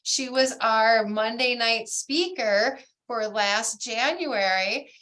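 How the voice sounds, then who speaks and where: A bubbly woman welcomes everyone on a video call, gushing over each arrival. Her voice sits a little high, and she talks in a slow, unhurried way. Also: a bit bright. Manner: bubbly, gushing, keeps saying "oh my gosh". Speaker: bead society meeting host. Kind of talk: casual video-call meeting hosting.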